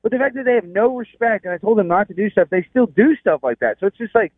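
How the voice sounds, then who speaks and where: A man's voice: high-pitched, animated, quick pace, no echo. A man telling a rambling, exasperated story in casual chat, with many restarts. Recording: tinny phone line.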